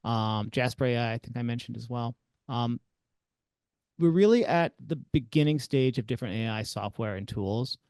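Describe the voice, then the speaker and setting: A man answering as a guest expert, thoughtful and pausing with fillers. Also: mid-range voice, a little mellow, clean tone, no echo. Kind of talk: interview answers.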